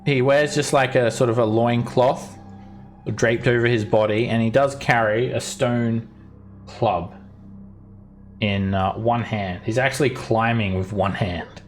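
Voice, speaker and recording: A man's voice: medium pitch, steady tone, measured pace, faint music behind. A man running a tabletop game as dungeon master, narrating casually with many fillers.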